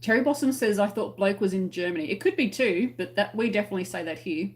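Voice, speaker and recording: A woman's voice: mid-range voice, quick pace, slight background noise. An Australian woman hosting a casual crochet livestream, chatting to viewers and giggling as she explains slang. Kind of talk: casual livestream chat reading comments.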